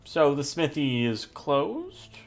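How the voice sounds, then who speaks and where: Playful, animated man streaming a game. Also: fairly high pitch, slow pace. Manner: playful, reads his choices in a mock-formal tone and laughs. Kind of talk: casual gameplay commentary, reading dialogue aloud.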